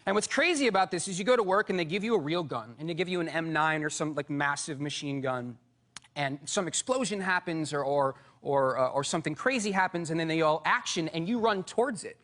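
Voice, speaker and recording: Man, from Iowa, talk show guest, animated storytelling, rambling restarts, high, sharp tone. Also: brisk. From Iowa, USA. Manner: excitable, rambling with many restarts. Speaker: guest, actor. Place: television studio.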